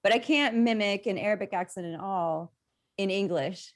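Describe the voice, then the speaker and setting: Female host, casual chat, reflective and talkative, mid-pitched. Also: moderate pace. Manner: reflective and talkative, with easy laughs.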